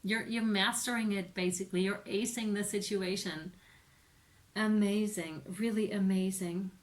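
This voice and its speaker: An excitable woman giving a casual tarot reading, talking straight to her viewers, swearing now and then and laughing often. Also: mid-range voice, measured pace. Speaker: tarot reader.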